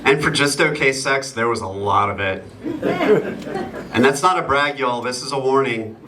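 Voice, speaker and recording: A man doing a stand-up set on a theatre stage, delivering dry, deadpan punchlines. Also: medium pitch, a little slow. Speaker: stand-up comedian. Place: theatre stage before a live audience. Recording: distant mic, loud room noise.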